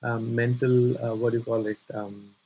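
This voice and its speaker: Man, gravelly rasp, scripture class teacher, halting with fillers. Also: mid-range voice, level tone, phone-quality sound. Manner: searches aloud for words, many fillers, stresses key terms. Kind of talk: explaining scripture commentary in a class.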